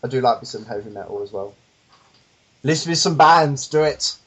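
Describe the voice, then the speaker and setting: A man's voice: mid-range voice, expressive, normal speed, slightly rough. A British man co-hosting a podcast in casual chat, laughing often between his words. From Britain. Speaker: podcast co-host.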